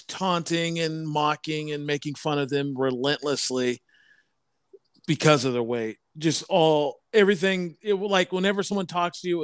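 A man in his thirties co-hosting a casual podcast, who talks in halting bursts and keeps repeating words and restarting his sentences. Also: on the high side, clear, resonant tone, no echo. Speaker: podcast co-host.

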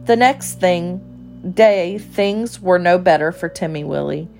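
Calm woman reading a children's story. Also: on the low side, measured pace, vocal fry, faint music behind.

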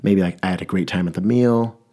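A man's voice: low voice, fairly quick, mellow. A young man delivering a rambling, mock-earnest comedic rant, often stopping to correct himself.

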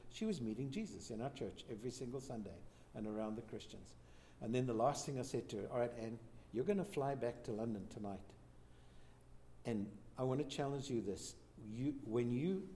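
A man, a pastor, telling a church testimony as a lively storyteller who acts out the quoted lines. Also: mid-range voice, slight background noise. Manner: animated storyteller, voices quotes.

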